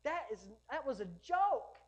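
A woman's voice: high voice, big pitch swings, a little slow, darkish tone. A woman pastor preaching a sermon, rhythmic and emphatic, with lighthearted asides to the congregation.

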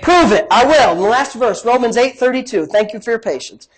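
Animated preaching man, middle-aged. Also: extremely high pitch, fairly quick, slightly rough, low-quality recording. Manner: animated preaching, swings between soft asides and emphatic rises. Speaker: pastor. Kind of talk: sermon.

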